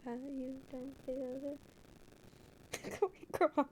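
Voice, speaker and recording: A woman's voice: sits high, steady tone, slow, pauses often, a little mellow. A woman streamer chatting casually from her room, laughing often, swearing freely and exaggerating for effect. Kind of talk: casual live-stream chat.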